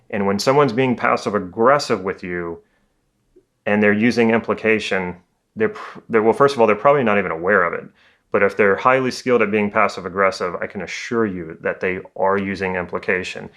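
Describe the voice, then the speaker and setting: A man working as a communication coach, giving a calm, conversational educational talk. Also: on the low side.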